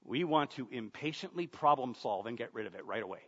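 A man's voice: medium pitch, expressive, fairly quick, a bit bright, breathy edge. A man preaching a sermon as pastor, earnest, asking rhetorical questions and repeating words as he goes. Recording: dull sound, long reverb of a large room.

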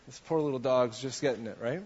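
Speaking fast in a darkish, medium-pitched voice with a breathy edge, a pastor delivers a sermon in a conversational way and asks his congregation questions. It was captured in a church hall with dull, lingering reverb.

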